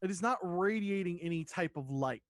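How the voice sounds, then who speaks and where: A man runs a tabletop game with a high voice, recorded dry and close. He explains the rules loosely, with frequent ums and laughs. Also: animated, fairly quick, no echo. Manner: laid-back, laughing, many fillers. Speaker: dungeon master.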